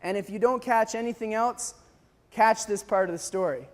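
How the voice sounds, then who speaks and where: A man from Canada telling a dramatic personal story to a live audience, acting out voices and shouts as he goes. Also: high-pitched, normal speed, long reverb tail. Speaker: speaker telling a mission story.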